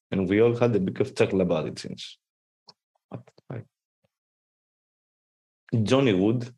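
A man with a Greek accent, co-hosting a podcast, reading news aloud in a halting way and stopping to joke. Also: fairly low pitch, warm tone, breathy edge. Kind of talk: casual chat.

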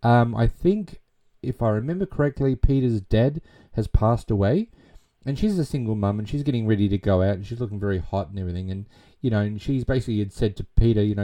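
A man with a low, very dark and mellow voice rambles through a film's plot in a casual retelling. He leans on constant fillers and casual swearing as he goes. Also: expressive, fast. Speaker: film recap narrator.

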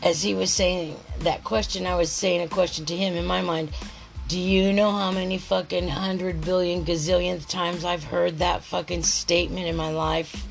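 A woman's voice: fairly low pitch, flat delivery, moderate pace, gravelly, faint music behind, poor audio. A woman podcast host in a rambling, heated monologue, swearing constantly and restarting her thoughts.

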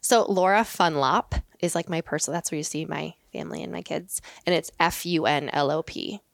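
A woman guesting on a podcast in casual chat, upbeat and quick with asides and easy laughs. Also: sits low, gravelly, no room sound, studio quality. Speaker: podcast guest, Pilates instructor.

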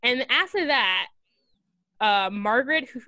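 A woman casually recapping a film plot in a chatty, rambling way, full of fillers and quick giggles. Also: fairly high pitch, lively intonation, sharp tone, no echo. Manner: rambling, giggly retelling with many fillers and acted quotes. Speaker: podcast co-host recapping a film. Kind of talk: casual chat.

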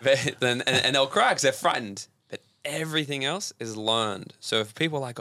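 A man, a personal development coach telling animated stories as a podcast guest. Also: mid-range voice, normal speed, few pauses, no room sound. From Australia. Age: 20s. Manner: energetic, animated storytelling with acted-out voices. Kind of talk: casual podcast interview.

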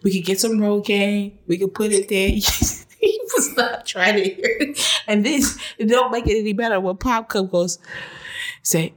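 A woman sits in on a casual vlog and chimes in now and then, giggly and playful as she adds her side of her partner's story. Her voice sits at an ordinary middle pitch for a woman. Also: fairly even intonation, moderate pace. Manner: giggly, chiming in. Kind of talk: casual chat.

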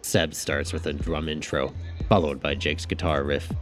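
A man's voice: rumbling low, steady tone, normal speed, faint music behind. A man narrating a first-person story in a casual, wry storytelling manner.

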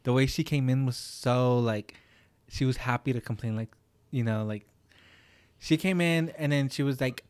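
A man's voice: medium pitch, moderate pace, darkish tone, clear, resonant tone, no echo. A young man, a podcast co-host, telling a work story in casual chat, rambling with lots of "like" and swearing. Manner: rambling, heavy use of "like", swears.

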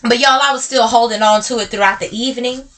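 A woman's voice: on the high side, steady tone, a bit bright. A woman hosting a podcast, talking openly and emotionally to her listeners, calling them y'all, blunt and direct. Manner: swings between slow and quick speech. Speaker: podcast host. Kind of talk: personal talk to listeners.

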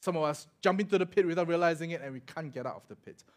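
A middle-aged Singaporean man preaching a sermon, telling stories and acting out the voices, swinging from loud to quiet. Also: fairly high pitch, very fast. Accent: Singaporean English. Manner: animated, acts out voices in anecdotes, swings loud to soft. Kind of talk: sermon with storytelling.

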